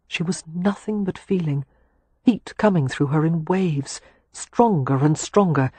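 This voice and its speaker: Breathy male audiobook narrator. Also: on the high side, a little mellow, dry recording. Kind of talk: scripted narration.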